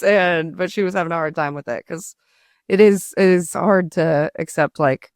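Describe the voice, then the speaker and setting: Smooth-voiced thoughtful podcast host. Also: mid-range voice, normal speed, no room sound, studio quality. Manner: thoughtful, reflective, with frequent fillers. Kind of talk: casual interview talk.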